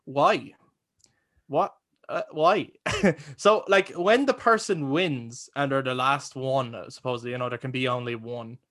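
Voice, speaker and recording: Bright-voiced man chatting about films. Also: medium pitch, a little slow. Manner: laughs often, excitable, swears casually. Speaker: podcast co-host. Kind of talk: casual film chat.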